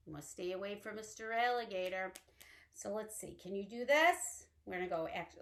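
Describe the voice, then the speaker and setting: A woman librarian leading a children's storytime, talking slowly and cheerfully in a sing-song way to young kids. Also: mid-range voice, expressive, fairly bright tone.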